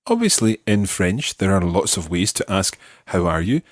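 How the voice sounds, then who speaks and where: A man hosting an audio language lesson, explaining patiently and modeling words slowly for listeners to repeat. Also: low-pitched, big pitch swings, no room sound. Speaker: language teacher and host.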